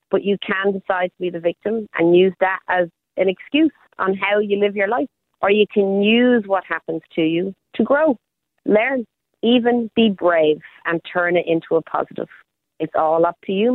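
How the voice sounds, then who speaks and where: A woman's voice: mid-range voice, moderate pace, dry recording. A woman life coach talking casually on the radio, upbeat and motivational. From Australia. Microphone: phone call. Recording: phone line.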